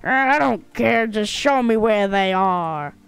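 A man's voice: high voice, a little slow, clear, resonant tone, soft background music. A man voicing a bossy, threatening male animatronic fox with a put-on British accent in a game role-play.

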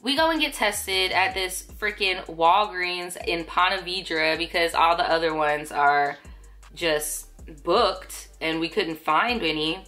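Woman, young adult, slightly raspy, bright forceful voice, slangy storytime vlog narration. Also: on the low side, slow, faint music behind. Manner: casual, slangy and profane. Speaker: vlogger.

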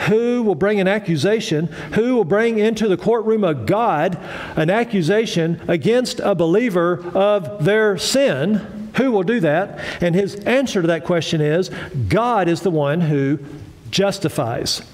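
A man's voice: high voice, a little mellow. A male pastor preaching a sermon in a conversational, emphatic way, repeating phrases for weight and asking the congregation questions.

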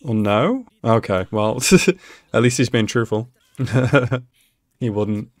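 Male reaction host, casual and excitable, ordinary pitch, dry sound. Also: slow, dry recording. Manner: excitable, laughs often, exclaims at the screen. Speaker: anime reaction channel host.

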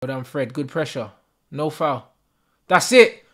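A young man reacts live to a football match, his voice swinging widely up and down as he groans and rants. He swears freely, packs his talk with street slang and yells at the referee. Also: fairly high pitch, sing-song, unhurried. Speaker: football fan streamer. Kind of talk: live watch-along commentary.

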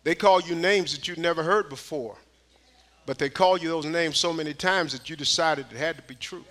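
A man preaching a sermon in church, dropping to a hush and climbing to shouted, repeated rhetorical questions with folksy street phrasing. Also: on the high side, normal speed. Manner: preaching with swings from hushed to shouted calls. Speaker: pastor. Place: church sanctuary.

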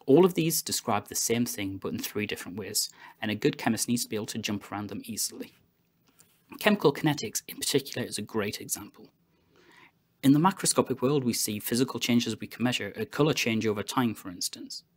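Man giving a measured chemistry explanation. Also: on the low side, animated, breathy edge. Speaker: chemistry educator. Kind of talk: scripted educational narration.

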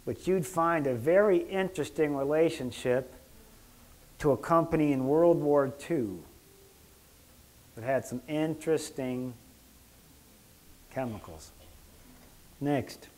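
A man giving a casual health lecture as a doctor, joking and rambling, clearing his throat often. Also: mid-range voice, unhurried, long pauses.

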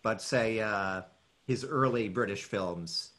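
A man's voice: lowish voice, slow, a bit bright. A man guesting on an interview show as a voice actor, chatting casually in a rambling way with frequent laughs.

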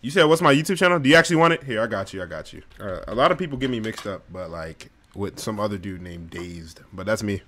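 Host type, crude prankster man on a video call, very lively pitch. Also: fast, hardly any pauses, slight background noise. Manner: crude, mocking, swings between loud and mumbled. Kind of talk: video chat trolling.

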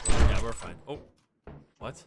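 A man's voice: lowish voice, slow pace. A man streaming a game with friends, chatting casually, laughing often and swearing. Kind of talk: casual gaming chat. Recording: noisy game-stream audio.

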